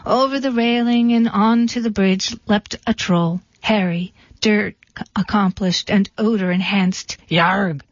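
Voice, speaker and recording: A woman reading a storybook in a dry, deadpan way. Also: medium pitch, unhurried, dry recording. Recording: dull, dry recording.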